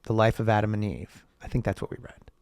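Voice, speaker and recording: Gravelly low-voiced man, sarcastic podcast commentary. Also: steady tone, quick pace, darkish tone, dry recording. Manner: profane, sarcastic, rambling, laughs at own jokes. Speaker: podcast host. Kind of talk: casual commentary reading texts aloud.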